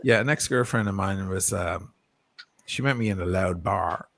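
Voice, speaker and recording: A man in casual conversation who swears freely and drops into quick impressions of film actors. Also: deep voice, vocal fry, fairly bright tone, slight background noise. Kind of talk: casual chat.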